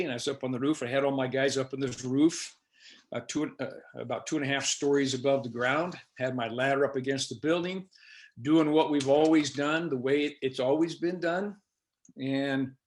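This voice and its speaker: An older man, an instructor, telling a personal story to his class with many hesitations and uhs. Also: on the high side. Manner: rambling, hesitant, full of uhs.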